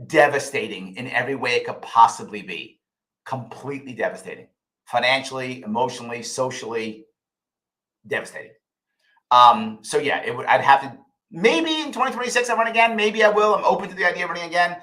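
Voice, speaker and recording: Animated, bright-voiced man in an echoey room. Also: medium pitch, fairly quick. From United States. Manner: emotional, repeats himself for emphasis; swears casually. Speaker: host answering viewer questions. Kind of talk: live ask-me-anything stream. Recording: roomy echo.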